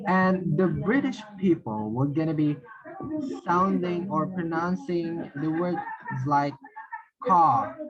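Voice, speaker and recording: A man teaching English pronunciation, reading word lists one by one and explaining with halting, repeated phrases and fillers. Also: fairly high pitch. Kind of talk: slow word-list drill and explanation. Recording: dull lo-fi voice recording.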